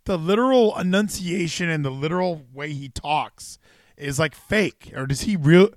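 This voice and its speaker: A man hosting a casual wrestling chat stream, excitable and rambling. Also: a little high, normal speed, no room sound, studio quality. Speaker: stream host.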